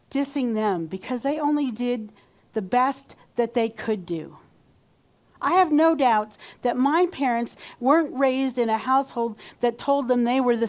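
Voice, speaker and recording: Lady minister preaching, kinda higher voice, chatty and easygoing. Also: darkish tone. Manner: conversational, acts out quoted self-talk. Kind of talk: sermon.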